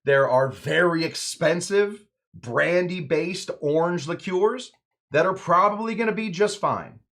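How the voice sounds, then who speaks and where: A man's voice: high-pitched, expressive, a little slow, a bit bright. A man hosting a home cocktail show, chatting casually and joking around while he mixes a drink. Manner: playful, jokey, rambling asides.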